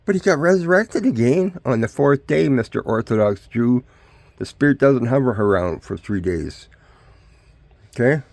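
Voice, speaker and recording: A man's voice: mid-range voice, animated, moderate pace, gravelly, a little mellow, no echo. An older man, ranting in a rambling vlog monologue full of rhetorical questions. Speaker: vlogger.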